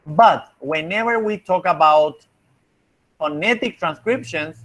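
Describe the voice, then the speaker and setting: A man's voice: high voice, a bit bright, low-quality recording. A young adult man with a Spanish accent, a phonetics teacher giving class feedback, explaining patiently and repeating examples.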